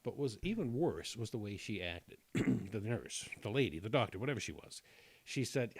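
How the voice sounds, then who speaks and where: A man telling a long personal story in casual chat, rambling and self-deprecating, often clearing his throat. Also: fairly low pitch, big pitch swings, moderate pace, no room sound.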